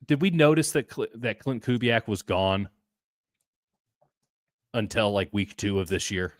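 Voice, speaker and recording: A man's voice: fairly low pitch, animated, unhurried, dry recording, studio quality. A man co-hosting a postgame sports analysis show, blunt and emphatic, stumbling over restarts as he builds an argument. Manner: emphatic, blunt, repeats himself when revving up. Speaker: sports columnist co-host.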